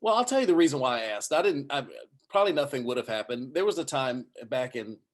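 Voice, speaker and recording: A news anchor tells a personal story at a panel discussion, acting out the quoted voices as he goes. His voice is medium-pitched and fast, and his anecdote-telling is animated.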